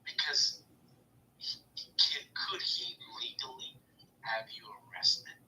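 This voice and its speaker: A man in casual chat, gossiping and often dropping into a hushed half-whisper. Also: on the high side, expressive, slow pace, distant mic, poor audio. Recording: voice a bit off-mic with faint background noise.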